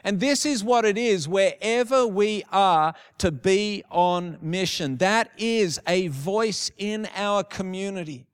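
A man's voice: high voice, takes it slowly, few pauses, clear, resonant tone. A man preaching a sermon, telling stories and repeating phrases for emphasis. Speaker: pastor.

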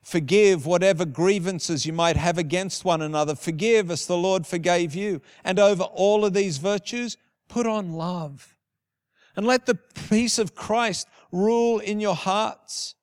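A man's voice: high voice, a little slow, smooth. A man preaching a sermon, telling stories and repeating phrases for emphasis. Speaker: pastor.

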